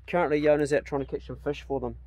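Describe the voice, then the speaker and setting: A middle-aged man with a New Zealand accent talking in a casual family vlog on his rural land, blunt and easygoing, calling loudly to his dogs. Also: fairly high pitch, fairly even intonation, fast talker, dull audio. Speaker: vlogger. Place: outdoors on a rural property.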